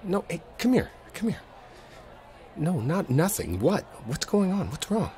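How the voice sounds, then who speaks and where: A man's voice: a little high, sing-song, a little slow, warm tone, a faint crowd, slight background noise. A man voicing a protective boyfriend in a role-play audio, often swearing. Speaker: ASMR audio performer playing a protective boyfriend.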